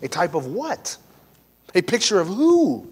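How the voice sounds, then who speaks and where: A man preaching a sermon with impassioned emphasis, swinging from loud to hushed. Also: high voice, huge pitch swings, unhurried, slightly rough. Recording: long hall reverb, faint noise.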